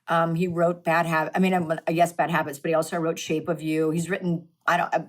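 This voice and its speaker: A woman's voice: deep voice, little pitch movement, a little fast. Chatty self-deprecating woman in her fifties. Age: 50s. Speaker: podcast guest. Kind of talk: casual interview chat.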